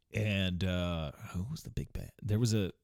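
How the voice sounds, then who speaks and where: A man in his forties rambles through a casual chat, full of fillers, restarts and the odd curse. His voice sits on the low side, and the recording is close and dry with no room sound. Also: creaky, darkish tone, no echo. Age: 40s. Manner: meandering, many fillers and restarts, swears and chuckles.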